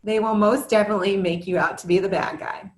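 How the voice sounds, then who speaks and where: A woman's voice: medium pitch, fairly even intonation, fast talker, echoey room. A woman in her thirties, a former teacher and parent, giving a prepared talk to parents in an earnest, scripted manner with candid asides. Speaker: educator and parent presenter.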